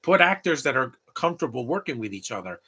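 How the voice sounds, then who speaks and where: Gravelly opinionated man in his late thirties. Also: medium pitch, big pitch swings, fast, sharp tone. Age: late 30s. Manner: opinionated, rambling, talks back at the film. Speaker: movie commentator. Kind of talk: live movie commentary.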